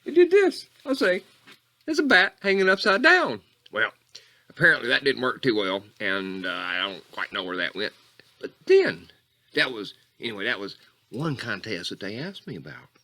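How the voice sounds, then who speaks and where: A man voicing a folksy Louisiana bayou oddball, who drawls through a digressive tale. His pitch swoops wildly between low mumbles and sudden high squeaks, and his tone stays bright and edgy. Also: sing-song, moderate pace. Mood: rambling. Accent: Southern US (Louisiana bayou). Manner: meandering, digressive, mock-earnest storytelling. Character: rambling bayou man calling himself Coach Catfish. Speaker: comedy character host. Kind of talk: character monologue.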